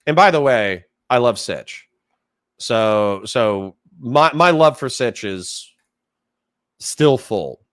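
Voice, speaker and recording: A man's voice: mid-range voice, animated, slow pace, fairly bright tone. A man hosting a casual livestream, ranting with animation and reading out chat comments. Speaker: streamer host.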